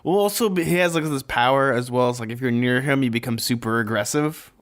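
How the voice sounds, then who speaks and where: A man's voice: mid-range voice, fast, a bit bright. A man co-hosting a podcast, chatting casually in an easygoing, joking, meandering way. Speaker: podcast co-host. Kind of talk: casual chat.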